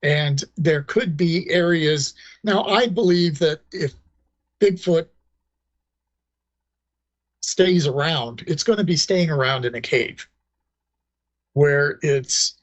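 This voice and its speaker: A man being interviewed, explaining things in a measured way with frequent fillers. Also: on the high side, no room sound, dull audio. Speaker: guest, former ranger and paranormal researcher. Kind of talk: casual interview talk.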